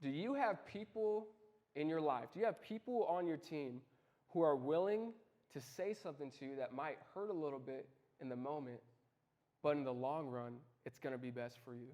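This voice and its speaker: A young man giving a casual youth sermon, telling lively stories and asking his listeners direct questions. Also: fairly high pitch, moderate pace. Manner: lively storytelling, talks straight to the listeners. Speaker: youth ministry speaker.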